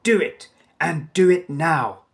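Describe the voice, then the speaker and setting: A man's voice: mid-range voice, expressive, takes it slowly. Guy doing a snooty bossy villain lady voice, barks and scolds, storybook read. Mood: furious. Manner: haughty, barking and scolding. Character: imperious grand villainess, middle-aged woman.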